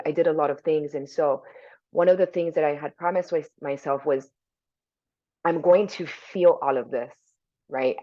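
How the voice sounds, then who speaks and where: A woman with a lowish voice tells her story candidly on a podcast, reflective and open. Her speech is sprinkled with "you know" and "right?". The recording sounds dull and lo-fi. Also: darkish tone. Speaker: podcast guest.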